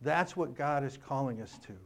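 A man preaching a sermon in a halting way with fillers, his voice worn and strained. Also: medium pitch. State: losing his voice.

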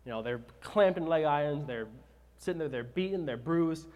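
A man preaching a sermon, retelling scripture with animated, dramatized storytelling. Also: a little high, moderate pace. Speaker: pastor.

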